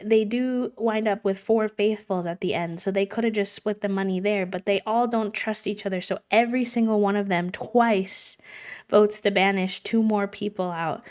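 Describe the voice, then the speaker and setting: Young woman, live streamer, casual chatty talk, animated retelling, filler words, mid-pitched voice. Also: smooth.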